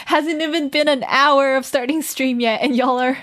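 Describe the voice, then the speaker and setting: A woman's voice: high-pitched, a little slow, fairly bright tone. A woman streamer chatting casually with her viewers, laughing often and teasing them. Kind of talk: casual live stream chat.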